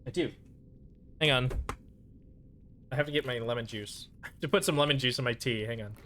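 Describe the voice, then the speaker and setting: A man's voice: mid-range voice, brisk, bright, forceful tone. A man streaming a game, chatting casually and muttering to himself through his frustration. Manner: frustrated, self-soothing muttering between bursts. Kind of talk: casual gaming stream commentary.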